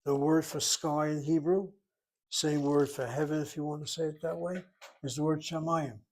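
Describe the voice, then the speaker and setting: A man's voice: fairly high pitch, little pitch movement, moderate pace, a little mellow. A man teaching a Hebrew lesson, explaining grammar step by step and thinking aloud as he goes. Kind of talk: informal language lesson.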